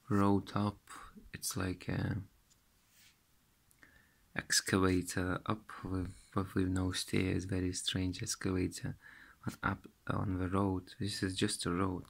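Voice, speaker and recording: A man speaks slowly and haltingly in broken English, stopping and restarting often. His voice is low and heavily gravelly, with lots of vocal fry. He sounds like he is casually retelling a dream. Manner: halting non-native English, many restarts. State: tearful, weeping while retelling.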